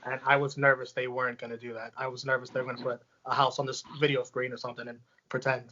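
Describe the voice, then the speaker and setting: A man's voice: medium pitch, little pitch movement, fast talker, bright, forceful tone, highs cut off, slight background noise. Upbeat man leading a wrestling review. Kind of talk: casual roundtable chat.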